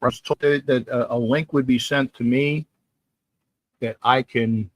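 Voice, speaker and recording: Hosting a sports talk livestream, a man speaks unhurriedly in a steady, medium-pitched tone with no echo. He rambles casually, reads what viewers write, and frequently repeats himself.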